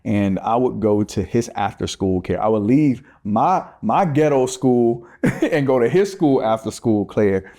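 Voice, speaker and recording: A man co-hosting a podcast, telling a personal story in a casual, animated way and acting out the voices of people in it. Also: medium pitch, a little slow. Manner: animated, acts out quoted voices, laughs often. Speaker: podcast co-host.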